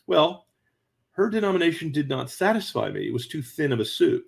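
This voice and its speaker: A man talking as an interview guest, telling stories with stammered restarts and quick chuckles, jumping up into a high excited voice when acting out what people said. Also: vocal fry, breathy edge. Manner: animated, jumps to high excited pitch acting out quoted voices. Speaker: guest author. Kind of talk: conversational interview storytelling.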